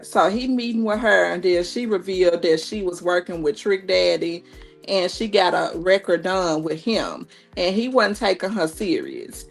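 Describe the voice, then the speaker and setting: A woman in her thirties giving a casual, animated reality TV recap, acting out what the cast said in a higher voice. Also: creaky. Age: 30s.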